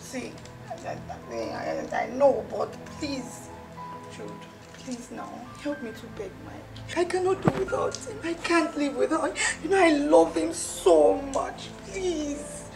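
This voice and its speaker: A woman's voice: high voice, animated, takes it slowly, vocal fry, music in the background, exaggerated voice. Stammering jilted Nigerian girlfriend. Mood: begging. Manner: stammering, pleading, swings to shouting and crying. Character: desperate jilted young woman, clingy and loud. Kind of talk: Nollywood film acting.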